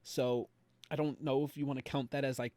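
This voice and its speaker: A young man on a podcast, animatedly retelling a show with quick voiced quotes. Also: mid-range voice, little pitch movement, a little mellow, dry recording. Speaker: podcast co-host. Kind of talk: casual recap chat.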